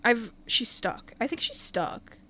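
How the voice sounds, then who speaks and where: A woman's voice: fairly high pitch, big pitch swings, takes it slowly, pushed and bright. A woman casually commenting while livestreaming a life-sim game, talking to the characters and thanking viewers. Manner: chatty, talks to game characters and chat.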